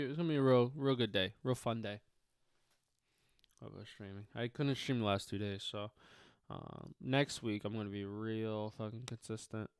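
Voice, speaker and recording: Male sports streamer, casual and profane, smooth clear voice in a dry small room. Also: lowish voice, no room sound. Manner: rambling, profane, many fillers. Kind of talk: casual live-stream chat.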